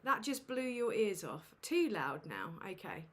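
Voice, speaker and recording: A woman's voice: medium pitch, very animated, a little slow. Flustered woman hosting a livestream. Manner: flustered, self-mocking, swears freely. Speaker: livestream host. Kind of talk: casual livestream chat. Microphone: USB desk microphone.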